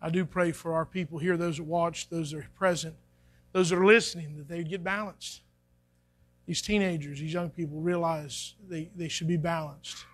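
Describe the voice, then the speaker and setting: Speaking at a moderate pace with fairly even intonation, this pastor's voice sits on the high side. He delivers a folksy, chatty sermon in the church sanctuary and acts out small quotes, while faint music plays behind the live stream.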